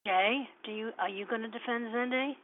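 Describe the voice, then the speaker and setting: A woman's voice: fairly high pitch, normal speed, no room sound. A woman hosting a talk show, taking calls and speaking bluntly and directly. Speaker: host. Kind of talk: casual chat. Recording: tinny phone line.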